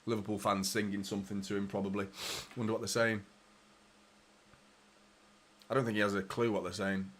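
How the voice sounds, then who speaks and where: A man's voice: fairly low pitch, level tone, a little fast, long pauses, fairly bright tone. A young man hosting a live football watchalong, commentating with frustration, swearing and talking to his viewers. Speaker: fan channel host.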